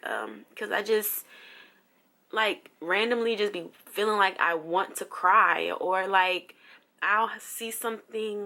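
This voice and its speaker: A woman's voice: medium pitch, bright, forceful tone. A young woman from New Jersey talking through a personal update in a casual, emotional vlog, full of fillers. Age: young adult. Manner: chatty, lots of fillers, emotional. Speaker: vlogger.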